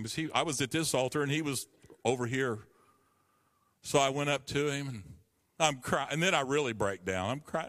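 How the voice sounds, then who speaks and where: Bright-voiced man in his fifties preaching. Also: mid-range voice, moderate pace, big-room sound. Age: 50s. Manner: earnest storytelling, acting out the voices in his story. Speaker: pastor. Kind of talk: sermon with personal testimony.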